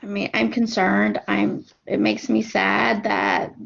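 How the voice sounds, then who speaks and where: A woman's voice: mid-range voice, level tone, takes it slowly, gravelly, heavily acted. A woman playing a worried grandmother in a role-play, stammering and hedging. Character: worried grandmother, mother of the daughter. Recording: muffled lo-fi recording.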